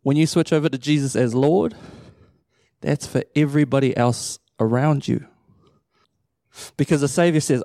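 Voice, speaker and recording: Man preaching, playful and animated. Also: mid-range voice, moderate pace, pauses often, dry recording, studio quality. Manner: animated storytelling with playful humor. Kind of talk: sermon. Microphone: handheld or stage microphone.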